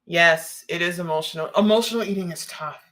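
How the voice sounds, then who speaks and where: Here a Canadian woman chats briskly on a live stream in a fairly bright voice on the low side. Emotional and near tears, she rambles and laughs frequently.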